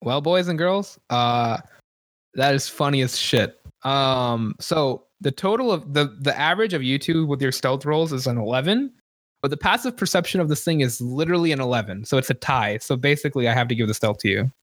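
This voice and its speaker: A man narrating a tabletop game as game master, relaxed and rambling, with lots of fillers and quick laughs. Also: mid-range voice, no room sound, clean studio sound.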